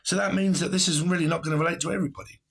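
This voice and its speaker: A man's voice: a little high, steady tone, rapid-fire, creaky, slight background noise. A man giving a casual tarot reading to camera, blunt and rambling, who swears and laughs often. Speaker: tarot reader.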